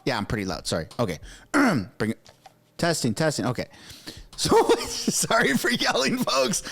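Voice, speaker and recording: A man's voice: on the high side, huge pitch swings, moderate pace, creaky, sharp tone. A man livestreaming from his home basement on a headset, reacting to a parliamentary session with exasperated, swearing rants. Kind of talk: live reaction commentary.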